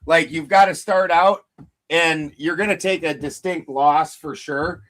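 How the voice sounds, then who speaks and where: A man's voice: on the high side, measured pace, noisy background. A man in casual chat, telling loose, rambling stories and swearing freely.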